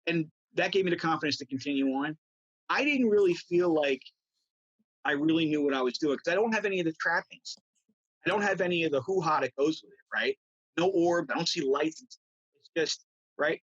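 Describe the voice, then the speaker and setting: A man, a guest tarot reader, telling stories in a casual chat, animated and often adding "right?". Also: a little high, brisk, breathy edge, no echo, highs cut off. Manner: animated, acts out quotes, says "right?" often.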